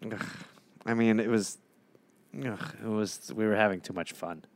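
A man's voice: lowish voice, fairly even intonation, moderate pace. A man co-hosting a comedy podcast in casual chat, reacting with exasperated groans and laughs. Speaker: podcast co-host.

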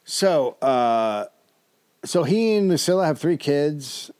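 A man's voice: fairly high pitch, animated, slow pace, darkish tone, clear, resonant tone. A man co-hosting a comedy podcast, telling a history story casually with wry asides and the odd swear.

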